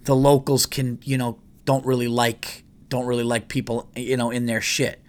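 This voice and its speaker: A man's voice: mid-range voice, level tone, normal speed, darkish tone, natural voice. A man doing a hesitant buddy. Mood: hedging. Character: casual male friend, hedging.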